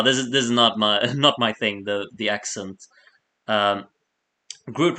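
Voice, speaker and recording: A man's voice: medium pitch, bright, forceful tone. Chatty man rambling on a late stream. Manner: rambling, laughs often, reads chat aloud. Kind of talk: casual live-stream chat.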